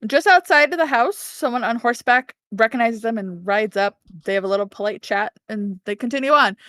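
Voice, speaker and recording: A woman's voice: on the high side, a little fast, a bit bright, no echo, clean studio sound. A woman co-hosting a book podcast, casually recapping chapters, laughing often and acting out characters' lines. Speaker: podcast co-host.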